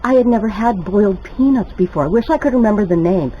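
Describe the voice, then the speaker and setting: An older woman telling a lively story while she cooks at home, chatty and laughing often. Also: medium pitch, fast, slightly rough, highs cut off. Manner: chatty, laughs often, gets excited retelling stories. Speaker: cooking vlogger. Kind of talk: casual storytelling while cooking.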